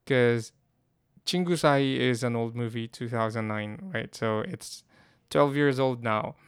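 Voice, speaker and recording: Guy teaching a casual lesson, very smooth clear voice, dry close sound, stops and restarts a lot. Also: medium pitch, no echo. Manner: explains haltingly with restarts and fillers. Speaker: language teacher.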